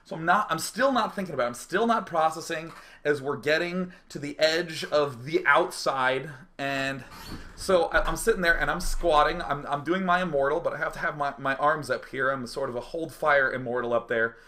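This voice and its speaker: A man telling a casual, profane anecdote, acting out his own reactions and dropping to quiet mutters when reliving the aftermath. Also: fairly high pitch, normal speed, slight background noise. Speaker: storyteller.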